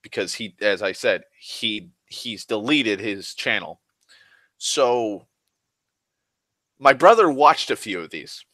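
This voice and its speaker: Young man, rambling vlogger, bright forceful tone, dry close mic, restless delivery full of restarts and filler words. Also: lowish voice, animated, takes it slowly, pauses often, dry recording. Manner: rambling, restless, full of restarts and "like", swears freely, swings loud and soft. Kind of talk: rambling casual monologue.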